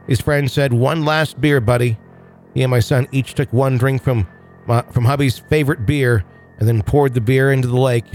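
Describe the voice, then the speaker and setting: A man hosting a podcast, chatting casually and reading a listener's letter aloud in a relaxed, joking way. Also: mid-range voice. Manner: relaxed, joking, with many fillers. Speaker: podcast host.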